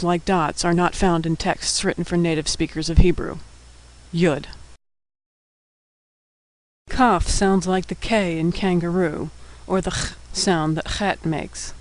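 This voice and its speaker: A man giving a scripted lesson, naming each letter and explaining its sound in a patient, clear way. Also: fairly high pitch, low-quality recording. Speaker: teacher. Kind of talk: scripted instructional narration.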